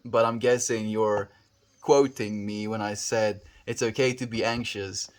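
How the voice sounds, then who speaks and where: A man's voice: on the low side, fairly even intonation, unhurried. Earnest male livestreamer greeting chat. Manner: greets viewers by name and reads chat aloud; earnest, affectionate, with soft sighs.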